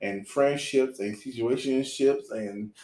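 Slow preachy man, echoey room. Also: mid-range voice, a little mellow. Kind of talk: casual podcast chat. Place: apartment room.

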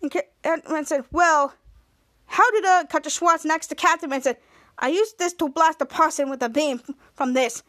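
High-voiced woman rambling through a recap. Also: normal speed, bright, forceful tone. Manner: rambling, repeats "somehow" and "cut to". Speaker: podcast host. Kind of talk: casual episode recap.

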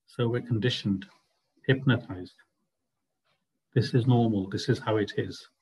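A man's voice: on the low side, steady tone, measured pace, a little mellow, poor audio. A man teaching a spiritual study group, explaining ideas earnestly and asking the class rhetorical questions. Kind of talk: class discussion lecture.

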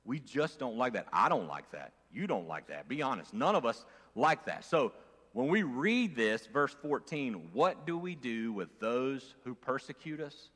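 Man preaching with lively swings. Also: medium pitch, unhurried, husky. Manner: conversational preaching, swinging from loud emphasis to quiet, with fillers and restarts. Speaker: pastor. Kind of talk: sermon. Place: church sanctuary. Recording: long church hall reverb.

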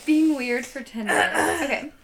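Young woman, podcast co-host, teasing, giggly, fairly high voice. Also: moderate pace. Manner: teasing, laughing. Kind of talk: casual comedic chat.

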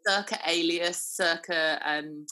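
A woman co-host with a low-set but bright, forceful voice, talking casually. She restarts her sentences a lot and giggles between thoughts. She sounds like someone in her thirties. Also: steady tone, slow. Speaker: podcast co-host. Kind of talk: casual chat.

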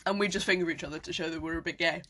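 A podcast co-host, talking in a bright, clear tone. The delivery is blunt and full of swearing, with easy laughter in loose banter. The sound is dry and close, with no room echo. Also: medium pitch, steady tone, very fast. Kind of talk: crude casual banter.

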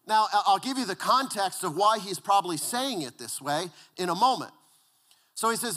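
Bright, high-voiced male pastor preaching. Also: animated, normal speed. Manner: conversational, repeats words, drops to a hushed low voice for emphasis. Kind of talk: sermon.

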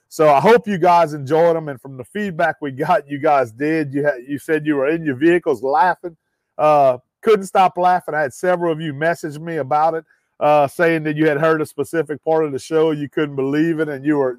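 A man's voice: fairly high pitch, darkish tone, no echo. A man hosting a casual podcast in a folksy way, with lots of "uh" fillers, and calling his listeners guys. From Louisiana. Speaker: podcast host.

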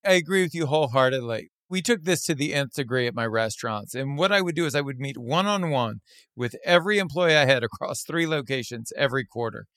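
A man's voice: medium pitch, animated, brisk, fairly bright tone, no room sound, studio quality. A man who ran restaurants, explaining his views in an earnest and emphatic casual chat. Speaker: former restaurant owner and co-host.

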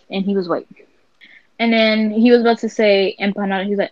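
A woman's voice: mid-range voice, a little fast, no room sound, dull audio. Blunt, profane woman chatting casually. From Latina. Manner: blunt, profane, animated storytelling. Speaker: podcast co-host. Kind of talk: casual chat.

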